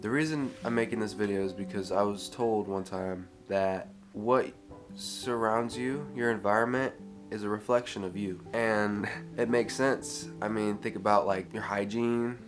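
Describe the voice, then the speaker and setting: A man's voice: fairly low pitch, fairly even intonation, measured pace, over music. A man in his twenties giving an earnest motivational vlog talk, addressing the viewer directly, swearing casually and saying "dude.". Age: 20s. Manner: earnest, gets worked up and pep-talks the viewer. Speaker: vlogger.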